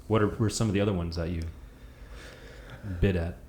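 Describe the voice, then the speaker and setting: Guy hosting a podcast, lowish voice, easygoing questions, roomy echo and a bit of hiss. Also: fairly even intonation, a little fast, a little mellow. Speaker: podcast host. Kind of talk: casual interview. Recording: echoey room with faint noise.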